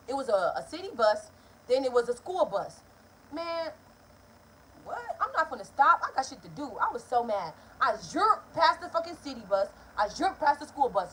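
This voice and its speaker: A young woman, telling a story in a casual vlog, animated and profane. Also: high-pitched, a little hiss or hum. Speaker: vlogger.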